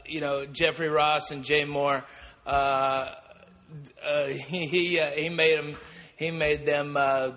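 A man co-hosting a comedy podcast, telling loud, profane anecdotes in a casual way. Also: fairly high pitch, level tone, slow pace. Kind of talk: casual storytelling. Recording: long reverb.

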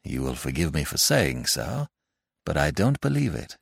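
A man reading a story aloud, voicing a calm, wry older doctor who speaks soothingly and matter-of-factly. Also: extremely low pitch, gravelly, husky, no room sound, studio quality, voice pushed down, heavily acted. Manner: soothing, unhurried, matter-of-fact.

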